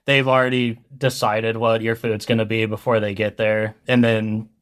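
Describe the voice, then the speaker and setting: Flat-voiced young man, casual chat. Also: on the low side, moderate pace. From Colorado. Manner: loose, rambling, heavy on fillers. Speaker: food truck owner, guest.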